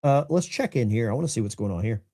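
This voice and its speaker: Lively, talkative middle-aged male host. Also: medium pitch, fast, no room sound, clean studio sound. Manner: animated, chatty, rambling. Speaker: call-in show host. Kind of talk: casual livestream talk.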